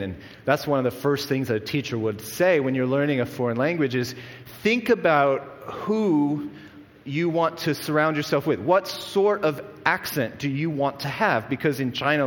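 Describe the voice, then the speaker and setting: Earnest male preacher in an echoing hall. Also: mid-range voice. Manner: earnest, conversational preaching with frequent restarts. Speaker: pastor. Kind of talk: sermon. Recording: long echo of a large hall.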